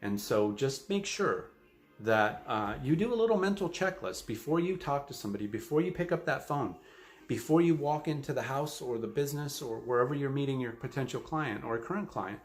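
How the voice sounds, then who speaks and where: A man's voice: mid-range voice, expressive, a little fast. Earnest man giving sales coaching. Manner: earnest, coaching, with frequent fillers. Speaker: sales trainer. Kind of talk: motivational training talk.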